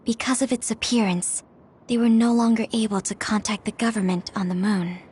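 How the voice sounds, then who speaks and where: An actress playing a gentle, kind-hearted young woman with a breathy voice who speaks hesitantly in a game cutscene. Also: fairly high pitch, flat delivery, a little fast. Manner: hesitant, apologetic.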